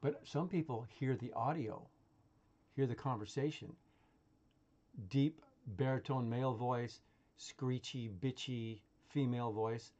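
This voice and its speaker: A man's voice: mid-range voice, mellow, muffled recording. A man talking in a casual, rambling monologue, full of swearing, laughter and restarts. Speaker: vlogger.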